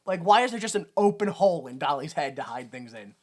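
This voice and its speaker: Man, podcast co-host, casual movie recap, joking and rambling, animated pitch. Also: fast talker. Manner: rambling, joking, full of filler words and restarts.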